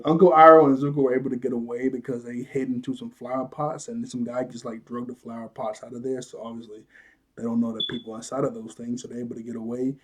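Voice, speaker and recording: Husky man recapping with laughs. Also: medium pitch, quick pace. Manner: animated retelling, acts out quotes, laughs often. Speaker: show reviewer. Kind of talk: casual episode recap.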